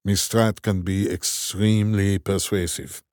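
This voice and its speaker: A man voicing a measured, formal male minister. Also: low voice, level tone, a little mellow, no room sound, studio quality.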